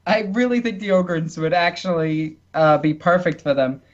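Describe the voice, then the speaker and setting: A man with a somewhat high voice hosts a casual podcast and chats in a blunt, offhand way. His audio sounds dull and lo-fi, as if over an online call. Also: expressive, normal speed.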